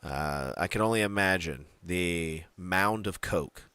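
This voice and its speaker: Low-voiced jokey man, dry sound. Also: takes it slowly, pushed and bright, clear, resonant tone, no echo. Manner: rambling, jokey, tries out silly accents. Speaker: podcast co-host. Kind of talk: casual wrestling chat.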